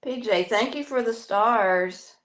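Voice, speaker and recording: A woman's voice: a little high, takes it slowly, a bit bright. A middle-aged woman hosting a casual home stream, rambling and chatty with plenty of fillers and restarts. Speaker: parrot owner and show host. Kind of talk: casual live-stream chat. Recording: roomy echo.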